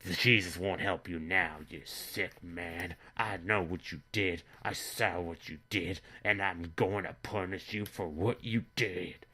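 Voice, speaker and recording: A man's voice: deep voice, steady tone, measured pace, few pauses, sharp tone, breathy edge, heavily acted. A man voicing a stern small-town male sheriff in a comedy story, talking bluntly and commandingly. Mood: grim.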